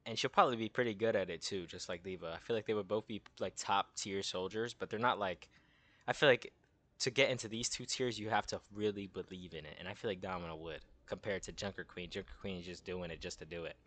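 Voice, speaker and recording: A man's voice: low voice, fast talker, fairly bright tone. A young man giving casual, rambling, slangy commentary and tossing in "bro" a lot. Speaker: content creator.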